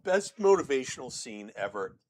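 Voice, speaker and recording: A man's voice: medium pitch, big pitch swings, moderate pace, a little mellow, slight background noise. A man co-hosting a casual movie podcast, describing a favorite scene with fired-up enthusiasm. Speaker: podcast co-host.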